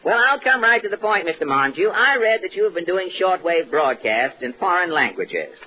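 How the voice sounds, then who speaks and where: A man's voice: sits high, very animated. Wisecracking man on 1940s radio. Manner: wisecracking, halting with frequent uhs. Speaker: comedy radio host. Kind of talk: 1940s radio comedy banter. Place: radio studio before a live audience. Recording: dull old radio broadcast with hiss and live audience.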